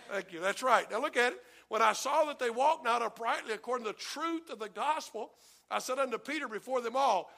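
A man preaching a sermon, animated, asking the congregation for amens and leading them in reading aloud. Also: extremely high pitch, gravelly. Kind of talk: sermon with congregation read-along.

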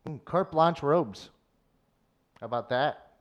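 A man's voice: a little high, slow pace, lo-fi sound. A man chiming in as a co-host with dry, offhand remarks. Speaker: radio co-host. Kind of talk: casual radio banter.

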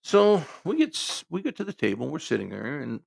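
Creaky-voiced guy rambling through a story, lots of restarts and side comments. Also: fairly high pitch, very animated, a little fast. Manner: rambling, conversational, with many restarts and asides. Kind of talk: casual spoken storytelling.

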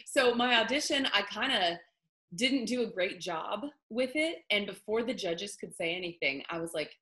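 Chatty young woman, bright voice. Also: medium pitch, expressive, moderate pace. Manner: chatty, many fillers like "um" and "like". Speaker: country singer guest. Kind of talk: casual interview chat. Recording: echoey room.

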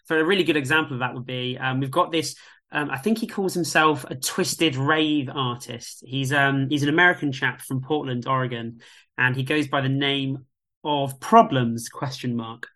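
Man, radio guest, casual chat, bright voice, animated storytelling. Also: medium pitch, normal speed. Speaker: guest, music venue tech.

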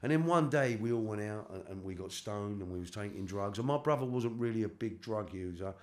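Low-voiced London man telling his story. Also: expressive, a little mellow. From London, England. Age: middle-aged. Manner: halting, repeats words, casual slang. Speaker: guest. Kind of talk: candid life-story interview.

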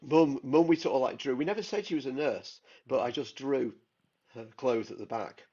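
A man's voice: mid-range voice, moderate pace, dark tone, breathy edge, dull audio. A man, a guest artist chatting enthusiastically in an interview, rambling with lots of fillers. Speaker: guest illustrator. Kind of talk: casual interview chat.

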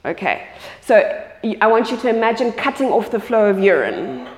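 A woman's voice: a little high, lively intonation, normal speed. A woman teaching a live yoga class, guiding students and checking in with frequent "okay"s. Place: yoga studio. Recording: echoey studio with long reverb.

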